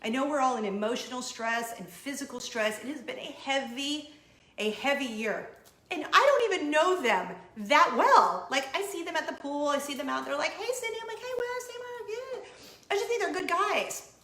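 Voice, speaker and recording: Bright, expressive woman in an echoey room. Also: normal speed. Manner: emotional and expressive, high excited quoting. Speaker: vlogger, show host. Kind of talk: casual storytelling to camera.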